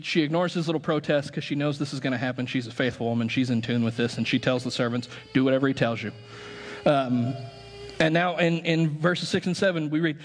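A pastor delivering a conversational sermon, with joking asides and a relaxed preaching manner. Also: male voice, on the high side. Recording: long hall reverb.

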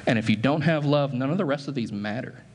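A man's voice: mid-range voice, fast talker, big-room sound, a little hiss or hum. A man preaching a sermon as pastor, talking conversationally, correcting himself as he goes, and laughing at his own asides.

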